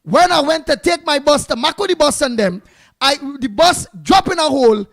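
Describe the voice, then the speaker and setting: A man with a Trinidadian accent acting out a loud, blustering man who shouts complaints about guarding the borders. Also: very high voice, expressive, moderate pace, vocal fry, heavily acted. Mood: ranting.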